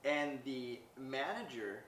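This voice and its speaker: A man's voice: medium pitch, animated, slow pace, fairly bright tone, slight background noise. A man hosting a podcast, recapping a movie in a loose, rambling way with lots of "he's like" quotes. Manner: rambling, retells scenes with "he's like" and acted quotes. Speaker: podcast host. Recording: echoey room, mic at a distance.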